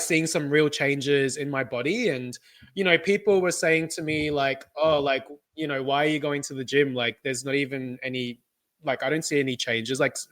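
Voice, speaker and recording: Young male podcast co-host, casual storyteller with a bright, raised voice. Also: fairly high pitch. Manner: chatty storyteller, laughs often, acts out relatives' voices. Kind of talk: casual chat.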